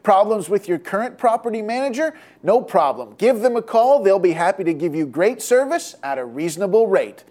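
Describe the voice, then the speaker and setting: A voice reading scripted sponsor ads in a brisk sales delivery. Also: medium pitch, sing-song, darkish tone. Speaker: sponsor ad reader. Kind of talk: scripted ad read.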